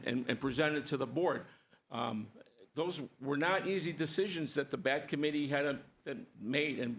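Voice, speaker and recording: A man with a somewhat high, gravelly voice argues his case at a school board meeting. He presses hard, repeats himself for emphasis and piles up short points one after another. Faint room noise hangs behind him on the meeting mic. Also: fairly bright tone. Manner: emphatic, repetitive, lists points. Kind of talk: public meeting debate.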